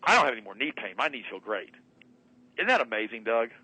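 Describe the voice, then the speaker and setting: Radio guest, male, quick and punchy, bright tone, plays out both sides of a dialogue. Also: medium pitch, very animated, slightly rough, no echo, poor audio. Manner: fast, emphatic, acts out both sides of a conversation. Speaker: radio show guest, health doctor. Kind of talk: animated storytelling on a talk radio show. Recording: radio broadcast.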